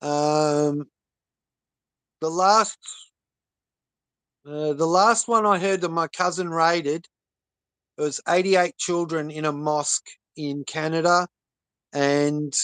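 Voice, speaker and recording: A man talking on a livestream in an earnest, halting way, with many pauses and fillers. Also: a little high, steady tone, fairly bright tone, smooth, no echo. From Australia. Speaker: livestream guest. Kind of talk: casual livestream talk.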